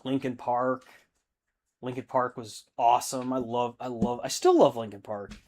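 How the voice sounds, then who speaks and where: A man's voice: medium pitch, steady tone, normal speed, a little mellow. Laid-back swearing man streaming. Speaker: streamer hosting a hobby painting stream. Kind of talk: casual chat reading viewer comments.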